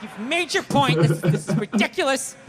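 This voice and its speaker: A man's voice: extremely high pitch, big pitch swings, normal speed, faint music behind. An American man doing a stand-up routine, ranting with profanity and acting out both sides of an argument. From United States. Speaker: stand-up comedian. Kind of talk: stand-up routine before a live audience.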